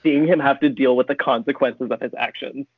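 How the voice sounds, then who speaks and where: A man joining a podcast in casual chat, making relaxed, wry remarks. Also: mid-range voice, brisk. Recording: tinny phone-like line, dry.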